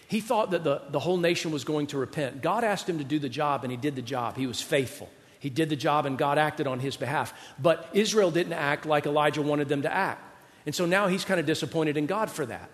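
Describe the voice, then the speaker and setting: A man preaching a sermon, swinging from loud emphasis to hushed near-whispers and acting out God's voice in paraphrase. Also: on the high side, long reverb tail. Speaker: pastor.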